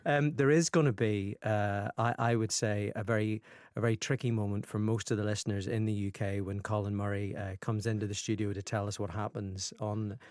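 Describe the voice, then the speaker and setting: A man's voice: fairly low pitch, fairly even intonation, brisk, a little mellow, dry recording. A Northern Irish man presenting on the radio in casual studio chat, jokey and self-mocking.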